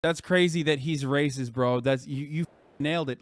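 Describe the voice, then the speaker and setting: A man's voice: a little high, moderate pace, dry recording. Man doing casual live reaction commentary. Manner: profane, jokey, slips into mock British slang. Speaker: streamer.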